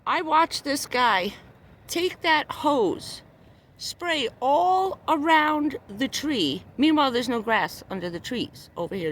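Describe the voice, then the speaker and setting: A woman with a high voice livestreams from her parked car, with slight background noise behind her. The vlogger is ranting hotly and repetitively, swearing, clearly upset and on the verge of tears.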